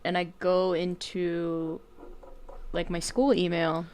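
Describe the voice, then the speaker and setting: A woman's voice: on the low side, takes it slowly, a little hiss or hum. A woman co-hosting a casual podcast, telling rambling stories with plenty of swearing and big swoops for emphasis. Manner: animated storyteller, swears freely, swoops up for emphasis; loose, rambling delivery with many fillers. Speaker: podcast co-host.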